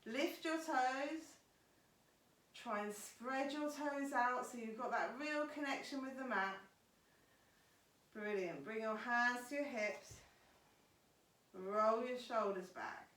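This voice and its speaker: A woman's voice: fairly high pitch, slow pace, long pauses, fairly bright tone. A woman yoga teacher guiding a live class through poses and breathing, with encouraging step-by-step cues. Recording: echoey room, voice from far off.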